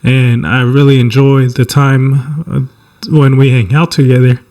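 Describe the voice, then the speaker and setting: A man hosting a podcast speaks in a heartfelt, halting way. He restarts often and fills his pauses. His voice sits at an ordinary middle pitch for a man. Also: flat delivery, a little mellow. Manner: halting, many restarts and fillers, earnest. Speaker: podcast host. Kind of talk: heartfelt casual chat.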